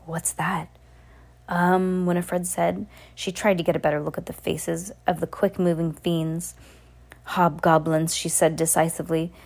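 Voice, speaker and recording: Lowish female host, reads storybooks aloud, chatty, playful with a child. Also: gravelly, mellow. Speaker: podcast host reading to kids.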